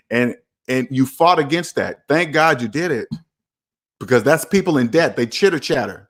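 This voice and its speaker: A man hosts a live finance stream and reads out viewer comments as they come in. He talks bluntly and with a lot of energy, and he puts on voices for the people he quotes. His voice sits at an ordinary middle pitch. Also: animated, moderate pace.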